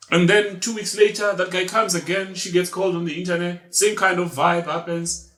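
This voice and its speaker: A man's voice: sits high, fairly even intonation, moderate pace, hardly any pauses, a bit bright. A man with a South African accent, co-hosting a podcast, telling a story in a casual chat and acting out the voices of the people in it. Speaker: podcast co-host. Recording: echoey room.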